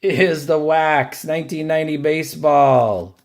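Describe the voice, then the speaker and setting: A man's voice: fairly high pitch, steady tone, unhurried. A man hosting his own card-collecting video, giving casual running commentary as he opens packs and names each card, grumbling and cheering by turns. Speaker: card collecting channel host.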